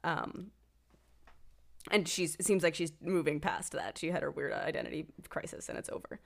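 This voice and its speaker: A woman's voice: low voice, expressive, normal speed, vocal fry. A woman co-hosting a podcast, summarizing episodes in casual chat and laughing often. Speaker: podcast co-host.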